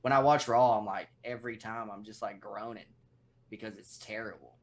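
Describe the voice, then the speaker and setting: A man's voice: fairly low pitch, brisk. Profane, ranting Texan man. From Texas. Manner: profane, animated rants. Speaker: podcast co-host. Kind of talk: casual chat.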